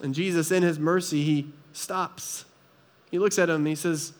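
A man's voice: fairly high pitch, steady tone, normal speed. A man preaching a sermon in an earnest, conversational way, often asking the listeners rhetorical questions. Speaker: pastor.

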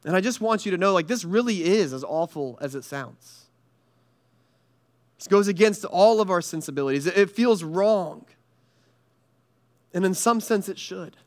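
A man with a high, smooth, clear voice preaches a sermon. He speaks earnestly, leaving pauses and letting his voice fall quiet and low on the weightiest lines. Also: animated. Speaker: pastor.

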